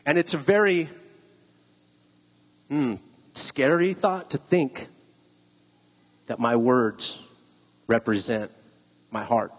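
A man's voice: medium pitch, slow pace, long pauses, slightly rough, in a large hall. A pastor giving a conversational sermon, putting questions to his listeners. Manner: conversational, asks the audience questions.

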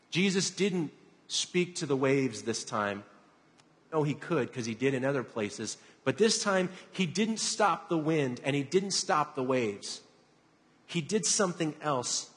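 A male pastor giving a sermon, soft and reflective, building to dramatic emphasis in places. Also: medium pitch, long reverb tail.

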